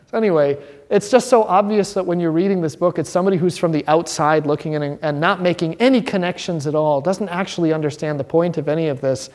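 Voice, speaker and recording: A man, a pastor, teaching an informal Bible class in an animated, joking way. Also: a little high. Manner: animated, joking, acts out quoted voices.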